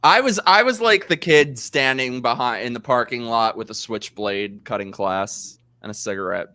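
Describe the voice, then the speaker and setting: A man's voice: medium pitch, normal speed, sharp tone, clean tone. A man hosting a podcast, teasing and playful in loose, crude banter. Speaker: podcast host. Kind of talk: casual chat.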